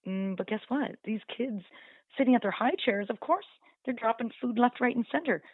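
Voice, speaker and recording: A woman's voice: on the high side, normal speed, husky, no room sound. A woman dog trainer talking casually in a radio interview, chatty and full of "you know", acting out dogs and owners as she explains. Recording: dry tinny phone-like line.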